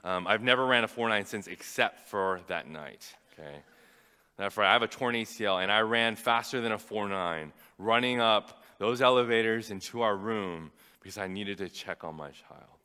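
A young man preaching a sermon, telling a personal story in an animated, fast-rising way when excited. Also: lowish voice, smooth. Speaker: pastor. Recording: long hall reverb.

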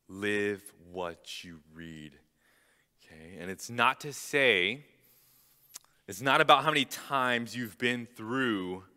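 Young male preacher, bright forceful voice, earnest and emphatic, long hall reverb. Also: sits low. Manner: earnest, emphatic, repeating key phrases. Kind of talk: sermon.

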